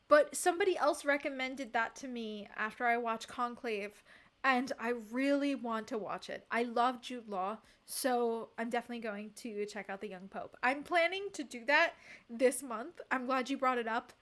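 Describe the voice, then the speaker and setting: A woman with a high, bright, sharp voice, chatting casually on a livestream and answering her chat. She talks emphatically and expressively, with frequent laughter. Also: normal speed. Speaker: streamer.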